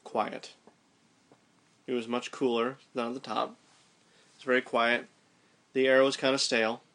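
A man casually recounting a descent down a mine shaft, animated and restarting his sentences as he thinks aloud. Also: medium pitch, measured pace. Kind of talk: casual storytelling chat.

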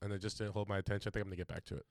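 A young man co-hosting a podcast, chatting loosely with friends, swearing and laughing, now and then jumping into shouted bits. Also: lowish voice, flat delivery, rapid-fire, vocal fry, no echo, studio quality. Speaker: podcast co-host. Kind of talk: casual banter.

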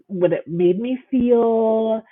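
A woman's voice: a little high, slow. A woman guest author chatting casually and enthusiastically, gushing with lots of fillers, heard over a call. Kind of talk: casual chat. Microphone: phone call. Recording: tinny phone line.

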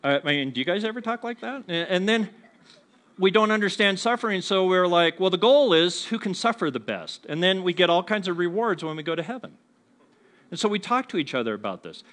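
A man with a higher-than-usual voice delivers a sermon to a live congregation. He keeps it conversational and joking, often asking the room questions. He slips into quoted voices to act out how people talk to each other. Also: expressive, fairly quick, fairly bright tone. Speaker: pastor. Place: church before a congregation.

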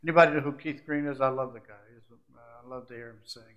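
A man preaching a sermon, shifting from hushed, confiding asides to rising, emphatic climaxes that stack short repeated phrases. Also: mid-range voice, fairly even intonation, quick pace, muffled recording. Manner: repetitive, building lists of short phrases.

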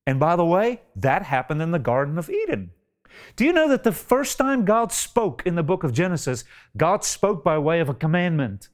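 A man preaching a sermon with a slow, dramatic delivery, full of rhetorical questions and addressing his listeners as beloved. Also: a little high, sing-song.

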